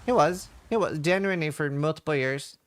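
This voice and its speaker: A man with a fairly high voice talks fairly quickly in a dry recording. He's playing a game on a live stream, casually chatting, reading out viewer questions and rambling through his replies with lots of fillers.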